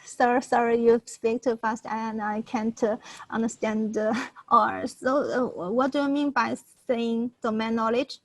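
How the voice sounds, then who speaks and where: A woman's voice: a little high, fairly even intonation, low-quality recording. Hesitant woman presenter, full of fillers. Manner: halting, many fillers and restarts. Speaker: challenge presenter. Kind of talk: live Q&A answering questions.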